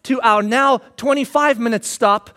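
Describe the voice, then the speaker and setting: A man in his thirties, a pastor telling a self-mocking personal story in a sermon, animated and bursting into shouts when he re-enacts himself. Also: very high-pitched, moderate pace.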